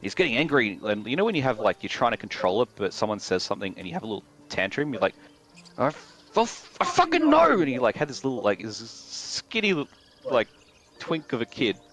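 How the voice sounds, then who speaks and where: Low-voiced man telling rambling stories. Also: expressive, quick pace, fairly bright tone, rough recording. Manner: rambling anecdotes, frequent swearing. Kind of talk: casual chat while gaming.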